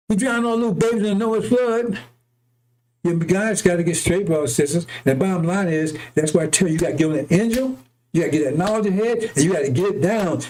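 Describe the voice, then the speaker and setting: A man's voice: high-pitched, darkish tone. A man giving a heated, profane preaching monologue, often repeating himself and asking "right?" or "see?". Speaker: religious preacher. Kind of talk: impassioned unscripted preaching monologue.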